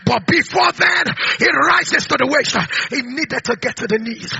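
A man preaching a sermon, moving between quiet personal storytelling and shouted declarations, with bursts of speaking in tongues. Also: very high voice, normal speed, creaky, husky, highs cut off. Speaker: pastor. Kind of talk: sermon with tongues and call-and-response.

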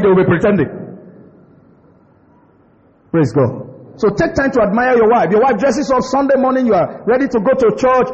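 A man's voice: high voice, a little mellow. A man preaching a sermon on marriage, emphatic and repetitive, with interjections of praise. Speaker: pastor. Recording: dull lo-fi audio in a long-reverb hall.

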